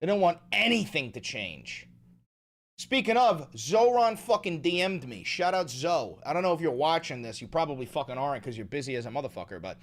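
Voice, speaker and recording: A man hosting a casual livestream, ranting fast and swearing often while he reads the chat. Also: a little high, expressive. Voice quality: profane, rapid ranting. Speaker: livestream host.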